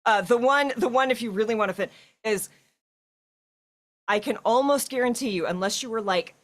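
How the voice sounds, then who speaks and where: A woman's voice: a little high, normal speed. A woman from Texas, chatting casually and trailing off with fillers. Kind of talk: casual chat.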